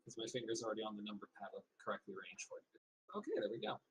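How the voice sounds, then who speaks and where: Rapid, jokey male tabletop player with faint background hiss. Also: on the low side, very animated. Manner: joking, thinks aloud about tactics. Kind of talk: casual game chat over voice call.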